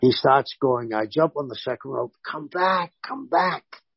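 A man, a former pro wrestler, telling animated stories in a casual interview and voicing the people in them. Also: mid-range voice, unhurried, creaky, husky, dry recording, highs cut off. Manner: animated anecdotes with voiced quotes.

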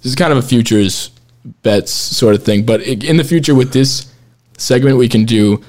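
A man's voice: mid-range voice, moderate pace, a little mellow. A man hosting a casual podcast chat, rambling and restarting his sentences, laughing often as he runs the segments. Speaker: podcast host.

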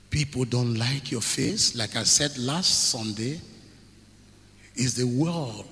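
Pastor guy preaching slow n emphatic, bright voice, lots of hall echo. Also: mid-range voice, gravelly. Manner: emphatic preaching with rhetorical questions and drawn-out repetition. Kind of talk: sermon. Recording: echoey hall with long reverb.

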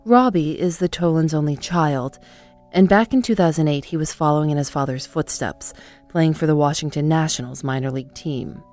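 A woman hosting a documentary podcast, telling the story in calm, measured scripted narration. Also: deep voice, soft background music.

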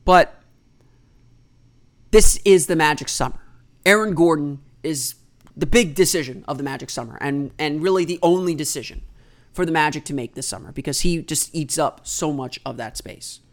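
A basketball analyst talking alone to the audience at a middling pitch. The delivery is explanatory and conversational, thinking aloud through trade scenarios and landing firmly on each opinion. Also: moderate pace. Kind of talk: solo sports commentary.

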